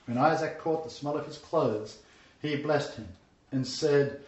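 A man's voice: fairly high pitch, unhurried. Man reading scripture and commenting emphatically, far off, lots of room echo. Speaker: Bible lecturer. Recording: echoey, distant, dull-sounding room.

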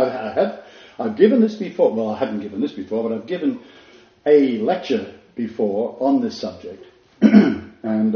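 A man's voice: lowish voice, warm tone. A man giving a Bible lecture in a conversational way, with many fillers and restarts, reading scripture aloud. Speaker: Bible teacher. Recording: dull, roomy hall recording.

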